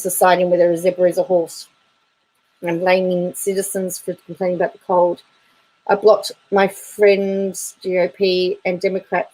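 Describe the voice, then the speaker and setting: Chatty woman vlogger, slightly low voice, reads viewer comments aloud with dry humor and frequent laughs. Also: a little mellow, low-quality recording. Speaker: YouTube commentator.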